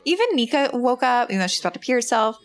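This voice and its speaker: A woman hosts a casual let's-play, narrating her game in a fairly high, animated voice at a rapid-fire pace. She's chatty and leans heavily on fillers like "like" and "you know."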